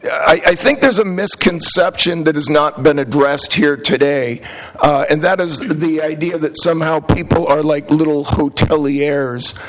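A man's voice: on the high side, measured pace, fairly bright tone, poor audio. A middle-aged man giving earnest, talkative public testimony at a city council hearing and arguing back when interrupted. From Portland, Oregon, USA.

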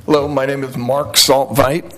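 A man's voice: mid-range voice, level tone, moderate pace, a bit bright, a little hiss or hum, poor audio. A middle-aged man giving earnest, talkative public testimony at a city council hearing and arguing back when interrupted. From Portland, Oregon, USA.

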